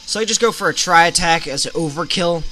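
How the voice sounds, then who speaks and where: A man with a high, bright voice talks through a game battle in casual commentary. He narrates move by move in a chatty play-by-play. Faint music plays behind him. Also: brisk. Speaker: gaming channel host.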